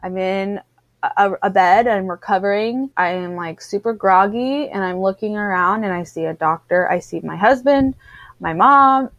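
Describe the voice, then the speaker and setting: A woman's voice: medium pitch, moderate pace, dry recording, lo-fi sound. A woman in casual chat, animatedly telling a personal story and acting out the voices of the people in it. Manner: animated storyteller, acts out what others said.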